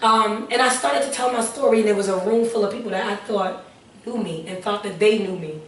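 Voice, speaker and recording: A woman's voice: medium pitch, a little fast, distant mic. An earnest woman, an interview guest, telling her personal testimony with prayerful asides and repeated phrases. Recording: echoey room, voice a little off-mic, faint background noise.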